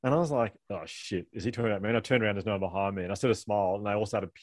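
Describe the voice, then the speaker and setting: A man's voice: on the low side, fairly even intonation, very fast, slight background noise. A middle-aged man telling personal stories as an author guest, rambling, self-deprecating and laughing often. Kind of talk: candid conversational storytelling.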